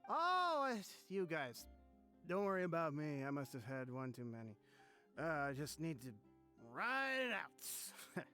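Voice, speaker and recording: A man's voice: on the high side, huge pitch swings, a little slow, bright, forceful tone, faint music behind, exaggerated voice. An actor playing a tipsy, nervous young man in a video game, slurring and rambling. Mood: tipsy wary. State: drunk.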